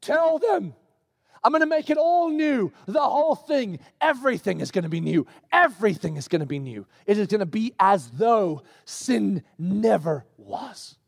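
A man's voice: high-pitched, very animated, normal speed, vocal fry, no echo, clean studio sound, voice pushed up, exaggerated voice. A male preacher putting on the voice of God as an insistent, loving father, in a sermon. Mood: declaring. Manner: declaring, urgent and insistent.

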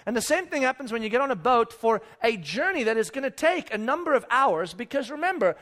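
Very high-voiced man preaching a sermon. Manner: animated storytelling with rhetorical questions; conversational, addresses listeners directly. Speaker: pastor.

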